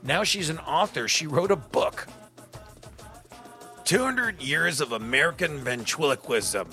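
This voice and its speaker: A male radio DJ talks in a chatty, rambling way between songs, with a bright, forceful voice. He drifts into self-deprecating asides as he goes. Faint music sits under his talk. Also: medium pitch. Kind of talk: casual on-air chat between songs. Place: radio studio.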